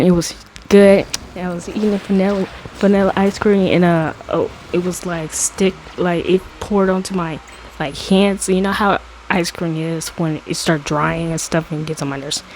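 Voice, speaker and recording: A woman with a fairly low speaking voice tells a personal story to her audience, wandering off into asides and circling back again. She leans on fillers and restarts, and her pitch climbs when the drama builds. A faint hiss sits under the recording. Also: low-quality recording. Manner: rambling, full of fillers and restarts; gets high and excited when retelling dramatic moments. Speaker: storytime vlogger. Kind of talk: casual storytime monologue.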